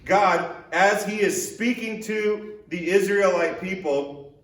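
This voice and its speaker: A man's voice: sits high, slow. Man preaching a chatty sermon in an echoey church. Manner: conversational, with repeated rhetorical questions and light joking. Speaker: pastor. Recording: echoey room, voice picked up from a distance.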